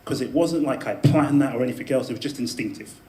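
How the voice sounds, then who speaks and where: A man telling a personal story to a live audience in a debate speech, animated, with laughing asides and emphatic peaks. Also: mid-range voice, fast. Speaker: debate speaker. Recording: echoey room with faint ambience.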